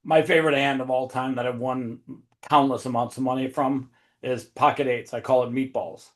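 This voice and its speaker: A man hosting a podcast, telling stories in a casual, animated way and laughing often. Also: medium pitch, moderate pace. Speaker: podcast host. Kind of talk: casual storytelling chat.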